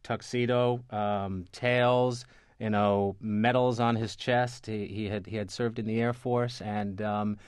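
A man, a newspaper reporter, telling anecdotes in a relaxed interview, full of restarts, fillers and repeated words. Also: on the low side, takes it slowly, clean tone, dry recording, studio quality. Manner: rambling, many restarts and fillers. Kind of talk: conversational interview storytelling.

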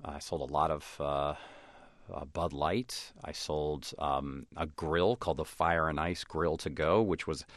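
An American man being interviewed, telling stories in a lively way and acting out the voices of others. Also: a bass voice, unhurried, no room sound, clean studio sound. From United States. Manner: animated storyteller who acts out voices of others. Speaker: actor and comedian guest. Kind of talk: conversational interview.

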